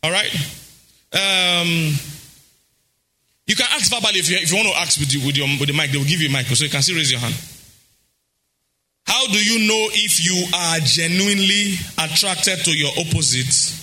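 Animated Nigerian preacher man, bright tone. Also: sits high, normal speed, pauses often, soft background music. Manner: animated, sing-song preaching with acted quotes and bursts of shouting. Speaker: pastor. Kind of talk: sermon on relationships.

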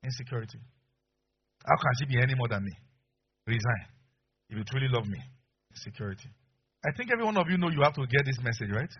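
A man preaching a sermon as pastor, telling stories with animated delivery and frequent laughter, on a dull lo-fi recording. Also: mid-range voice, quick pace, long pauses, husky. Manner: animated storyteller, acts out voices, laughs often.

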